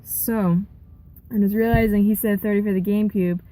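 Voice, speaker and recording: A young woman vlogger telling a rambling, animated story about a yard sale, with quoted back-and-forth. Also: mid-range voice, moderate pace, faint music behind, low-quality recording. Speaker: gaming vlogger. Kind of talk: casual storytelling vlog.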